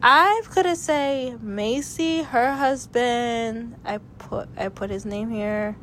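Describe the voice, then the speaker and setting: A woman's voice: slow pace, few pauses, fairly bright tone, low-quality recording. Chatty young woman, blunt opinions. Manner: chatty, blunt, rambling with restarts and fillers. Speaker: reality show commentator. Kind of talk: casual opinion vlog. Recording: noticeable background noise with a low rumble.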